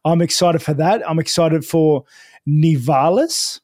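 A man's voice: a little high, unhurried, a little mellow, no room sound, studio quality. A young man, co-hosting a podcast in casual, enthusiastic chat. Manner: chatty, enthusiastic, many "like" fillers. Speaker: podcast co-host.

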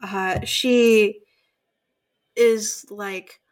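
A woman running a tabletop game as game master, narrating casually in a halting way with frequent swearing. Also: mid-range voice, fairly even intonation.

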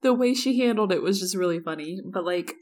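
A woman co-hosts a podcast, chatting casually and earnestly, filling her talk with "like" and "you know". Her voice is lowish and darkish in tone, animated and fairly quick.

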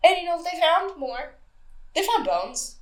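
A woman's voice: very high-pitched, big pitch swings, measured pace. A young woman hosting a casual true-crime podcast, telling the story loosely with swearing and acted-out quotes. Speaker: podcast host.

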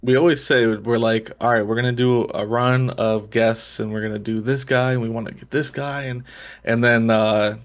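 A man's voice: medium pitch, steady tone, moderate pace. A man appearing as a guest on a casual soccer podcast, friendly and easygoing. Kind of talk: casual chat.

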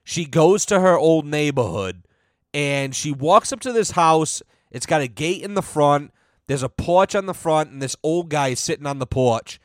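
A man hosting a comedy podcast, ranting casually and profanely, filling every pause with "you know" and acting out quoted people. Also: expressive, dry recording. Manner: acts out quoted voices with big pitch swings. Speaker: podcast host.

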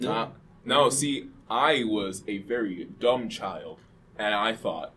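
A man's voice: fairly low pitch, takes it slowly, husky. A young man co-hosting a casual podcast chat, swearing freely and telling self-mocking stories. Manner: animated, swears a lot, self-mocking storyteller. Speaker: podcast co-host.

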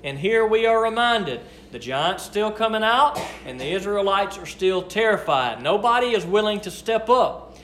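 A man leading a Bible study, reading verses and explaining them in a conversational, expressive way. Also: high-pitched, normal speed. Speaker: Bible teacher. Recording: echoey room, faint noise.

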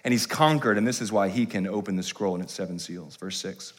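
A man preaching a sermon in church, reading scripture with slow dramatic emphasis and swinging from hushed to loud proclaiming. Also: low voice. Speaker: pastor. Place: church sanctuary.

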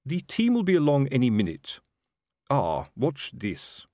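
A man's voice: mid-range voice, huge pitch swings, measured pace, a little mellow, no echo, studio quality, pitched above the performer's own voice. A man voicing a blustering, self-important middle-aged sergeant in an audiobook, with a raised, wheedling voice. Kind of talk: audiobook character voice.

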